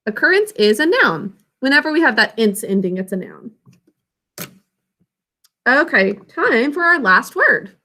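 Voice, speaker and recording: A young woman teaching a class, slowly sounding out words and their syllables. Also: a little high, big pitch swings, bright, forceful tone. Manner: clear, slow enunciation of words and sounds. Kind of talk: classroom spelling lesson.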